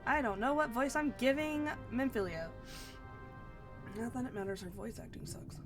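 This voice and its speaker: A woman's voice: fairly high pitch, expressive, moderate pace, loud music behind the voice. A woman streamer giving casual commentary while she plays, in a wry way that swears offhandedly and interrupts herself.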